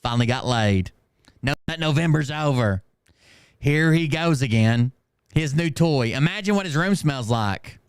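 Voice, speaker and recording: A man's voice: a little high, animated, a little slow, clear, resonant tone, dry recording, clean studio sound. A man hosting a stream, reading viewer comments aloud in casual, mocking commentary and laughing often.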